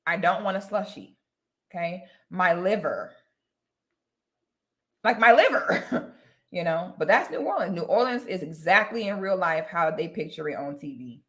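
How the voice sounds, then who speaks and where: Bright, chatty young woman vlogger. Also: lowish voice, moderate pace, long pauses. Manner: chatty, animated, talks straight to her audience as "y'all". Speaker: vlogger talking to viewers. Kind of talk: casual chat to camera.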